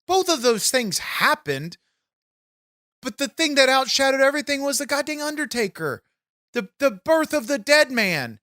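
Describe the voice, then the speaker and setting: A man's voice: very high-pitched, very animated, normal speed, bright, forceful tone, no echo, clean studio sound. A man co-hosting a comedy podcast, ranting in exasperation and swearing constantly. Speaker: podcast co-host. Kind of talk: comedic banter.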